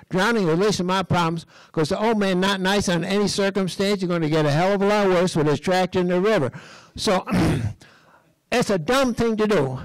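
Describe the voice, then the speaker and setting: An older man from Western Massachusetts giving a lively, folksy storytelling talk on stage, often clearing his throat. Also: high voice, no room sound, rough recording. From Western Massachusetts, USA. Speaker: speaker at a design college talk. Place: lecture stage.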